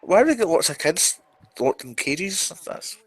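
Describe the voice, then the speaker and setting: A man's voice: fairly high pitch, sing-song, normal speed, breathy edge, no room sound. A Scottish man co-hosting a casual fan commentary, easygoing and chatty. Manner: easygoing, chatty, laughs easily. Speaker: commentary co-host.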